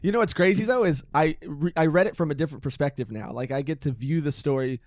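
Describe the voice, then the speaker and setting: A man's voice: on the high side, quick pace, no room sound. A young man co-hosting a podcast, joking casually and swearing freely. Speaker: podcast co-host. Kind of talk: casual chat.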